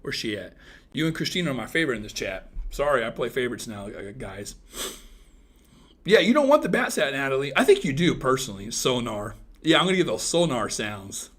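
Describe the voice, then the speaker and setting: A man in his thirties hosting a casual livestream, teasing and joking crudely with his viewers, swinging from loud outbursts to mumbled asides. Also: mid-range voice, very animated, a little fast, husky. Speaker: livestream host chatting with viewers.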